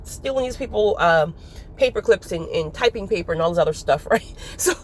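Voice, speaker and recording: A woman giving a casual spiritual talk to her viewers, animated and often breaking into laughter. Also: on the low side, fairly quick, a little hiss or hum. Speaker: faith vlogger.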